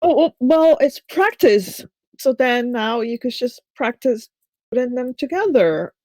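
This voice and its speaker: A woman's voice: a little high, lively intonation, measured pace, darkish tone, no echo, poor audio. Woman player, hesitant and apologetic, dry voice-chat sound. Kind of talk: tabletop game role-play. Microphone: online voice chat.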